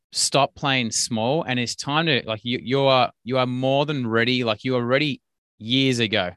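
Pushed and bright at a medium pitch, a man hosting a podcast wanders through a business story, stumbling into fillers and restarting often. He works as a business coach, and the recording has no echo.

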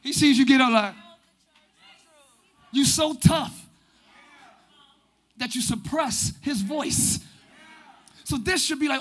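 High-voiced, animated preaching man. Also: slow pace, pauses often. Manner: animated preaching, often shouting, acts out quoted voices. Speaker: pastor. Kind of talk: sermon. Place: church sanctuary.

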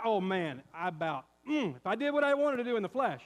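High-voiced pastor preaching in a hall. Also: male voice, fairly quick. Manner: animated storytelling, acts out quotes. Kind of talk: sermon with personal story. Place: church sanctuary.

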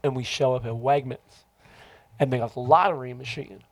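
A man's voice: mid-range voice, normal speed, dry recording. A man telling a story in casual podcast talk, swearing freely and acting out the voices of the people he quotes. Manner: profane, animated, acts out quoted voices.

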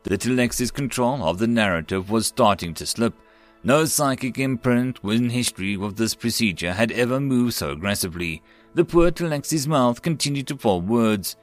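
A man reading science fiction stories aloud as host of a story channel, deliberate and even. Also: mid-range voice, soft background music. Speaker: story narrator. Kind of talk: scripted narration.

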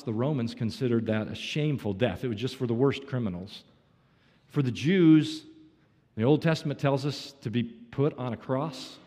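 A man pastor giving an earnest, emphatic sermon to his congregation, asking rhetorical questions as he preaches. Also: fairly high pitch. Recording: long reverb in a large hall.

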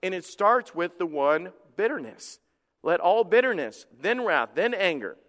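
A man, a pastor, preaching a sermon in an animated way, acting out quoted voices and often repeating words as he goes. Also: high voice, unhurried, big-room sound.

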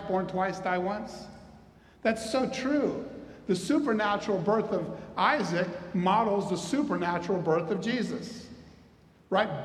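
A man preaching a sermon as a pastor, animated and asking his listeners questions as he teaches. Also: sits high. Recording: echoey hall, reverberant.

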